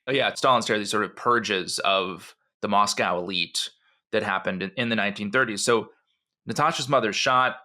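A man co-hosting a history podcast, telling the story in an animated, conversational way with frequent asides. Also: lowish voice, normal speed. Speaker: podcast co-host.

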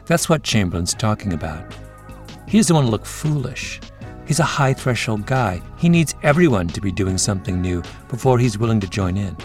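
A male podcast host narrating a scripted story in a measured way, with interview clips in between. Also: lowish voice, big pitch swings, darkish tone, faint music behind.

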